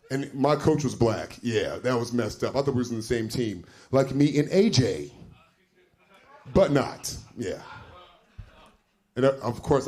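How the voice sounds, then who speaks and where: Rich: A man hosting a live comedy night. His pitch swings widely as he jokes and hypes the crowd in animated, profane banter. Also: normal speed. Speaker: host and comedian. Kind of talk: stand-up hosting.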